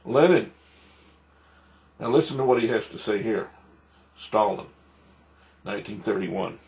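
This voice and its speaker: A man's voice: lowish voice, unhurried, vocal fry, darkish tone. A male pastor giving emphatic preaching commentary, repeating himself and firing off rhetorical questions.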